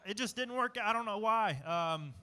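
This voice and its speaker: Rambling young man, fairly high voice. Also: normal speed, bright, forceful tone. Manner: rambling, self-interrupting, with filler words and laughs. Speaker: race car driver guest. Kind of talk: casual interview chat. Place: outdoor live show stage at a racetrack.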